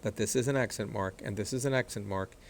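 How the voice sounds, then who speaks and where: A man teaching how to read and stress words, explaining patiently, repeating words slowly, and clearing his throat often after a recent illness. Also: on the low side, slight background noise. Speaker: Hebrew reading teacher. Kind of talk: explanatory lesson, screen-sharing.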